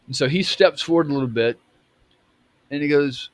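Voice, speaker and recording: A man in his fifties telling a personal story in a halting way, with many restarts. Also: on the high side, no room sound. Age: 50s. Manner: halting, full of restarts and fillers. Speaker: storyteller recounting a memory.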